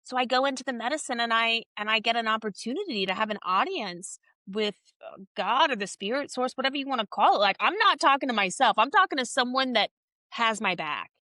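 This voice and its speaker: A woman guest on a podcast, candidly telling a personal story in a casual, animated way and reenacting conversations as she goes. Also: a little high, fairly quick, dry recording.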